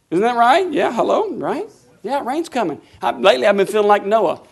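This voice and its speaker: A man preaching a sermon in a high voice. He shifts between quick talk and loud, drawn-out calls, and asks the congregation to answer him. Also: animated, gravelly. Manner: preaching with sudden loud bursts; call-and-response with the congregation. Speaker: pastor.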